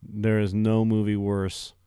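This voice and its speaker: A man co-hosting a movie podcast, rambling casually, laughing and swearing, often trailing off quietly. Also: fairly low pitch, monotone, unhurried, smooth, no room sound, clean studio sound. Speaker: podcast co-host. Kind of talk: casual chat.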